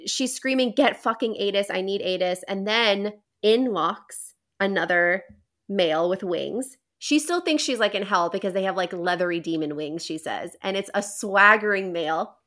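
A woman's voice: medium pitch, moderate pace, a bit bright. A young woman hosting a podcast, rambling enthusiastically through a casual book recap full of fillers. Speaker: podcast host.

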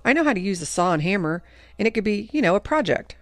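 A woman voicing an earnest young girl who speaks in a halting, questioning way. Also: medium pitch, sing-song, faint music behind, natural voice. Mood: hesitant.

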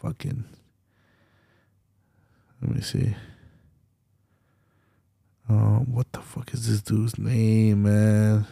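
Gravelly, slow-talking man ranting profanely. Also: fairly low pitch, level tone, dark tone, dry recording. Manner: profane, exasperated ranting with lots of fillers. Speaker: podcast host. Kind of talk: casual solo rant.

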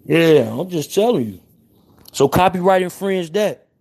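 Speaking in a high, animated, slightly mellow voice at a slightly slow pace, a young man from Chicago hosts a livestream. He chats casually with viewers in a Chicago accent and brash street slang, apologizing repeatedly.

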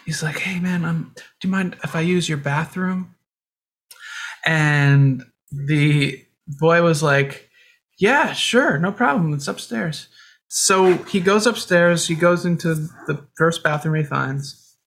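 A woman casually telling a story as a guest, relaxed and acting out quoted voices. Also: low-pitched, takes it slowly.

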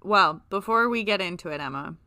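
A woman's voice: medium pitch, lively intonation, fairly quick, sharp tone. A young woman co-hosting a casual podcast from her desk at home, teasing with dry, grumpy humor. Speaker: podcast co-host. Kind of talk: casual chat. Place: home desk chair, video call. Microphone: close podcast mic.

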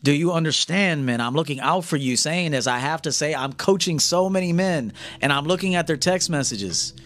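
A man's voice: on the high side, moderate pace, a bit bright, no room sound. A man giving a blunt, profane lecture to men as a dating coach on a livestream.

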